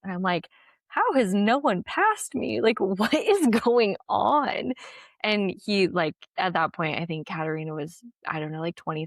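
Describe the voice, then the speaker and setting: A young woman ultrarunner tells her race story in a casual interview, chatty, laughing often and saying "like" a lot. Her voice is fairly low, captured in a dry, clean studio recording.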